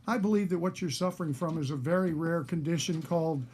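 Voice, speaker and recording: A man doing a doctor in a joke who stays clinical and matter-of-fact while sounding thrilled by a rare case. His voice is a touch higher than a plain speaking voice. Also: fast, a little hiss or hum, lightly acted. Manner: calm, clinical, enthusiastic.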